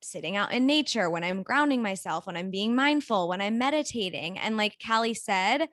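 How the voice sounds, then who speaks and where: A woman co-hosting a podcast, telling a personal story in a candid, animated way with frequent swearing. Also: medium pitch, normal speed, no echo. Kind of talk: casual conversation.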